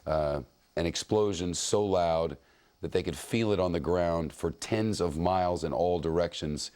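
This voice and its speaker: Deep-voiced, somber male news anchor. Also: darkish tone. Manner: somber, deliberate, with some uh fillers. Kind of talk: live breaking news anchoring.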